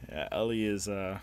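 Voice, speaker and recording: A young man streams live, bantering with chat in a crude, profane, joking way. His voice sits on the low side. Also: clear, resonant tone.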